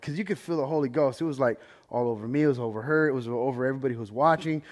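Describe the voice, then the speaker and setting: A man with a mid-range voice talks very fast while leading a Bible study, telling stories in a casual, conversational sermon style. He keeps checking in with "right?" and is animated, swinging between loud and soft.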